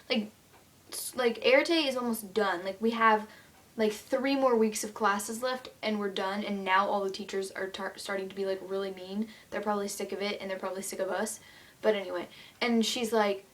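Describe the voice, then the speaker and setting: In a casual vlog, a teenage girl rants to the camera in a mid-range, level voice at a moderate pace. Chatty and indignant as she tells her story, she fills it with "like" and "um."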